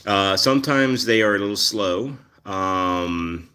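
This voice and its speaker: A man's voice: lowish voice, slow, pushed and bright, clear, resonant tone. A man hosting a casual live stream about his rescue cats, rambling with lots of fillers as he answers viewer comments. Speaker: cat channel host.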